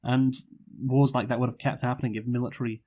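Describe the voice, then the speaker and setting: Guy rambling thru a movie review, swears a lot, lots of um and like, normal middle pitch. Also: flat delivery, fast, dark tone. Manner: rambling, profane, lots of fillers and restarts. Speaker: podcast co-host, film reviewer. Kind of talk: casual review chat.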